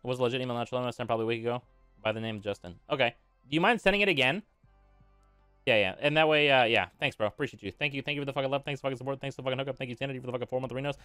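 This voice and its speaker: A man's voice: medium pitch, clear, resonant tone, dry recording, faint music behind. A young adult man streaming a game live, rattling off profane thank-yous to subscribers in a casual chat style. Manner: profane, rapid shout-outs to subscribers.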